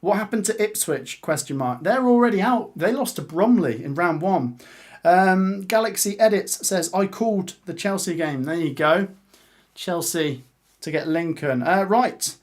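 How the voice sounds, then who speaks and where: A man streaming live as he reads out a cup draw. He talks in a chatty, excitable way, breaks into laughter, and keeps urging viewers to comment and subscribe. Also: sits high, a little slow. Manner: chatty and excitable, laughs often, calls out the results. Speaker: streamer hosting a live watch-along.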